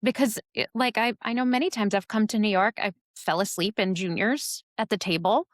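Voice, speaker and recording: Woman podcast co-host, casual chat, rambling, lots of fillers, mid pitch, dry close sound. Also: fairly quick, no echo. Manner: chatty, rambling with many fillers and laughs.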